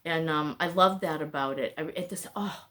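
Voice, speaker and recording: A woman's voice: low voice, moderate pace, fairly bright tone. A middle-aged woman vlogging at home in a rambling, chatty way, often breaking off her own thoughts. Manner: rambling, chatty, frequent self-interruptions. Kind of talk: casual talking-head chat.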